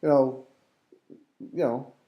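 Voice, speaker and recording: A man's voice: mid-range voice, fairly even intonation, slow pace, reverberant, muffled recording. A man teaching a Torah class as a rabbi, talking animatedly and acting out the voices of figures in the story. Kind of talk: lively Torah class lecture.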